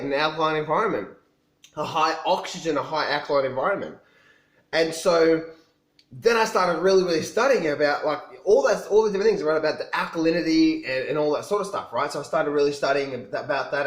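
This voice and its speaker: A man telling his own story to camera in a casual, rambling way, often restarting and repeating himself. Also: fairly high pitch. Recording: echoey room.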